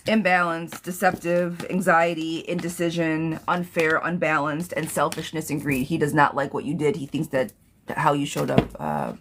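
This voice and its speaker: Woman, tarot host on a live stream. Blunt, chatty, slightly low voice. Steady noise behind her. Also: normal speed. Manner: chatty, blunt, reads questions aloud and repeats them. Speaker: tarot reader answering viewer questions. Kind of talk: casual live-stream chat.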